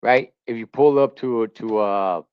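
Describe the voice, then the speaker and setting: A man's voice: mid-range voice, measured pace, smooth, no echo, narrow, tinny audio. A man, talking in a blunt, slangy, skeptical way as a trucker streamer reacting to a video. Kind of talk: casual reaction commentary.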